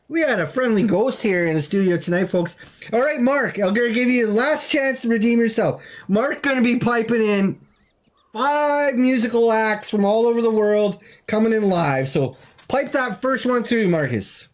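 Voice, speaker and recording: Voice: medium pitch, lively intonation, moderate pace. A talk show host bantering with callers in a mock-serious, exasperated, teasing way. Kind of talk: comedic call-in show banter.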